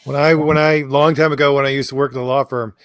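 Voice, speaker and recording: A man in casual chat, speaking in a hesitant, halting way. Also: medium pitch, level tone, clear, resonant tone, dry recording. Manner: hesitant, halting speech with fillers.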